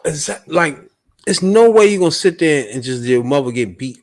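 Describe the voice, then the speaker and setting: A man's voice: on the high side, expressive, normal speed. A man hosting a podcast, reacting to a clip with blunt, profane, incredulous commentary. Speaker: podcast host.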